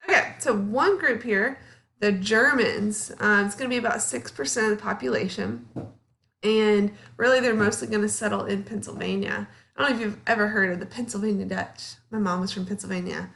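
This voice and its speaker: A woman in her thirties teaches a history class in a relaxed, conversational way. She leans on fillers like "um" and keeps checking in with her students through quick questions. Her pitch sits in an ordinary middle range. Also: creaky. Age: 30s. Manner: casual, chatty, filler-heavy, asks the class questions. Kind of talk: classroom lecture.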